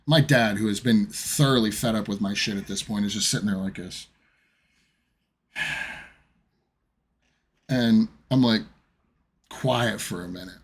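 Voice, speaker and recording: A man's voice: on the low side, a little slow, pauses often, husky. An American man, a streamer, telling a profane, rambling personal story in a casual way. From United States.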